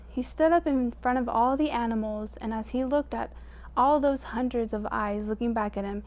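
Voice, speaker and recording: A woman storyteller reading a picture book aloud to children in an expressive way, dropping to a hush at quiet moments. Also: on the high side, moderate pace.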